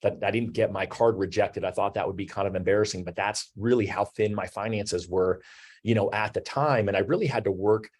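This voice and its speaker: A man in his forties hosts an online business talk, his voice sitting fairly low. He speaks in a loose, conversational way, leaning on "you know" and "um" as he thinks aloud. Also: brisk, a little mellow, breathy edge. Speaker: host. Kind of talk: webinar talk.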